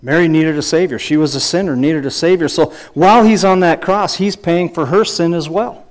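A man's voice: a little high, moderate pace. Earnest man preaching a sermon. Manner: earnest teaching with rhetorical questions and scripture quotes; frequent restarts and fillers, chuckling asides. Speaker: pastor.

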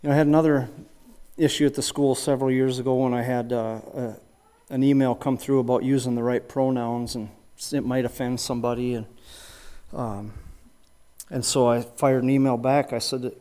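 A man's voice: mid-range voice, little pitch movement, moderate pace, mellow. A middle-aged man giving a conversational sermon, asking rhetorical questions and often restarting his sentences. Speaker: preacher and high school wrestling coach.

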